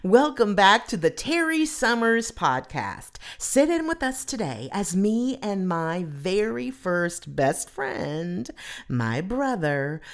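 Woman hosting her podcast intro, very deep voice, slow and reflective. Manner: fond, reflective storytelling. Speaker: podcast host.

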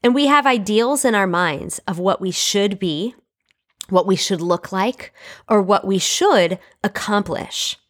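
A woman's voice: medium pitch, unhurried. A young adult woman teaching from the Bible in a casual, earnest, conversational way, with frequent fillers.

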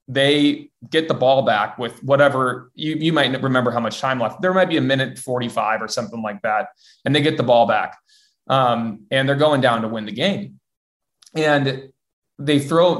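A man's voice: medium pitch, a bit bright. Chatty young man telling a story. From US West Coast. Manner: rambling, many fillers and restarts. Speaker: former college football player, guest. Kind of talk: casual interview storytelling.

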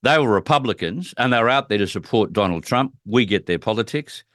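A man's voice: on the low side, lively intonation, a little fast, a bit bright, no echo, studio quality. A man hosting political talk radio, speaking emphatically and indignantly. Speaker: radio talk show host.

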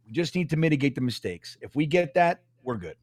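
A man's voice: on the high side, big pitch swings, fast, darkish tone, no echo, clean studio sound. A man co-hosting a casual sports talk show, speaking bluntly and swearing now and then. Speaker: co-host.

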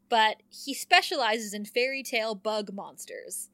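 Bright female co-host, chatty recapper, dry close mic. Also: a little high, lively intonation, dry recording. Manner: chatty, laughing, quick plot recapping. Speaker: podcast co-host. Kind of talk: casual recap chat.

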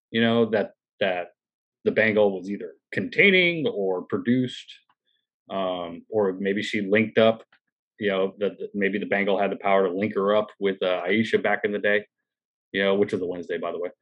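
A man's voice: lowish voice, highs cut off. A man co-hosting a podcast, talking through a TV episode in a casual, hesitant way with lots of fillers. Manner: hesitant, many fillers and trailing phrases. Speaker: podcast co-host.

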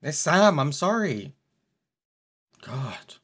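A woman's voice: sits low, sing-song, drawn-out words, slight background noise. Rambling woman podcast co-host. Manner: rambling, self-mocking, prone to tangents. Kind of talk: casual chat.

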